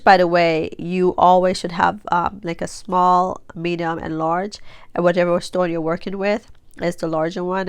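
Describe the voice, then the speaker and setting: A woman in her forties, a craft vlogger, chats her way through a casual tutorial while she works, her nose stuffy and blocked after sneezing. Her lowish voice comes through clean with no echo. She rambles on, full of fillers and restarts.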